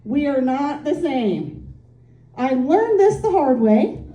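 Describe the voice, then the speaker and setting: A high-voiced woman from Indiana does a stand-up set, rambling through stories in a chatty, self-mocking way. Her tone is dark and mellow. The sound comes from a distance and echoes around the room. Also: sing-song, slow pace, highs cut off. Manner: chatty, self-deprecating storytelling with frequent "um"s. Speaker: stand-up comic.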